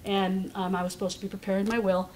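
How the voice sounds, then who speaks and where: A woman's voice: medium pitch, flat delivery, fast, darkish tone, slight background noise. A woman in her fifties telling her own story to a support group with wry, self-mocking humor. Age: 50s. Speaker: comedian. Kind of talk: personal talk with humor. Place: hospital meeting room.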